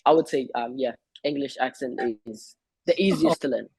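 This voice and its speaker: Husky-voiced hesitant male guest. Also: mid-range voice, moderate pace, darkish tone, no room sound. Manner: hesitant, many fillers and restarts. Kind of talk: casual conversation.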